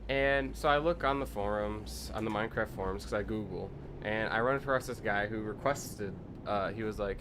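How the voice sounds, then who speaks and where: A young man with a lowish voice rambles through a profane rant while he streams a game. He trips over his words and keeps circling back to his point. Steady noise runs under his home mic. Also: normal speed, few pauses. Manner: rambling, profane, ranting storyteller. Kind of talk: casual gameplay commentary.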